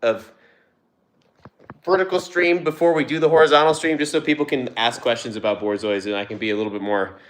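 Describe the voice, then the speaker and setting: A man's voice: mid-range voice, fairly even intonation, brisk. A young man hosting a casual livestream from home, talking loosely with fillers and restarts, recorded on a phone. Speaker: livestream host and dog owner. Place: home, with dogs nearby. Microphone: phone on a tripod, vertical stream.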